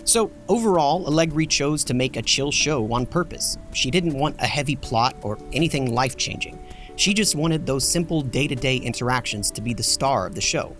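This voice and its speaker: A man's voice: mid-range voice, fairly bright tone. A man hosting a scripted video essay, narrating with wry, joking asides. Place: home basement in front of green screen.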